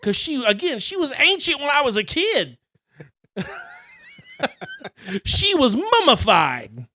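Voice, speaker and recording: A middle-aged man telling childhood stories in casual chat, animated, exaggerating for laughs and swearing freely. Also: extremely high pitch, slow. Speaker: podcast co-host.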